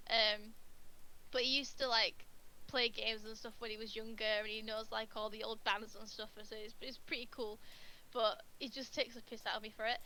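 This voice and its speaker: A woman's voice: on the high side, sharp tone, low-quality recording. A young-sounding woman, chatting casually and giggling between rambling stories on a game-night call. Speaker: primary school teacher, tabletop player.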